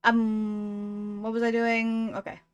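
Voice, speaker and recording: A woman's voice: fairly high pitch, takes it slowly, smooth, dry recording, dull audio. Chatty young woman streaming from home. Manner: chatty, swearing, easily excitable. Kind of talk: casual chat while crocheting.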